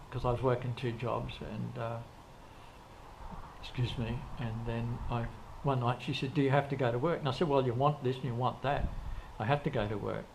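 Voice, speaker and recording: A man's voice: medium pitch, gravelly. An older man, telling long, rambling stories as an interview guest, full of restarts and quoted dialogue. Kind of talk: casual storytelling in an interview. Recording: faint background noise.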